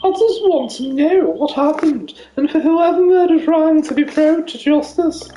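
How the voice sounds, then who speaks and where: A woman voicing a posh grieving widow, speaking in a prim, measured way, in an echoey room. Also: mellow, slight background noise, close to an everyday voice. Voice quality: posh, high put-on voice.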